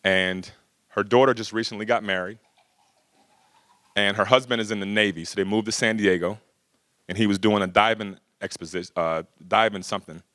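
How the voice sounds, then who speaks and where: A man's voice: fairly low pitch, steady tone, moderate pace, a bit bright, dry recording, clean studio sound. A middle-aged man speaking casually to an audience, telling stories with lots of "you know" and "right?". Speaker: speaker at a workshop. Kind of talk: casual storytelling talk to an audience.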